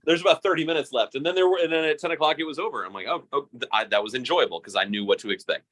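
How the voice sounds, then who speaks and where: A man co-hosting a podcast in casual chat, animated and laughing often, repeating words as he starts sentences. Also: on the high side, racing. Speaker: podcast co-host.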